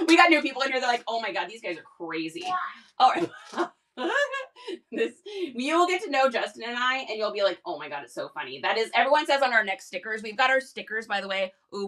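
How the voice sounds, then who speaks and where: A woman hosting a casual live stream, bubbly and excitable, talking into a phone. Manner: bubbly, excitable, high-energy. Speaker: live-stream reseller host.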